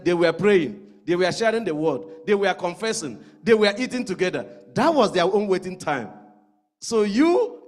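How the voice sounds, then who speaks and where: High-voiced man preaching in a reverberant church. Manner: rhetorical questions, repeats lines for emphasis. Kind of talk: sermon. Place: church sanctuary.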